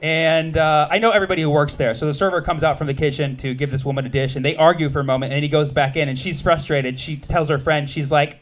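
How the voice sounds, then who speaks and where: A man in his thirties, from the United States, doing a stand-up comedy set with quick, animated crowd work on a club stage. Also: fairly high pitch.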